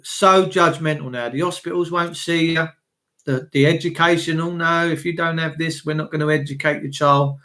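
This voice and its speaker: Male streamer, high voice, preachy and blunt, swears, clears throat often. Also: a bit bright. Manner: blunt, swearing, preachy, greets viewers by name. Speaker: livestream host. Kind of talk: casual livestream rant.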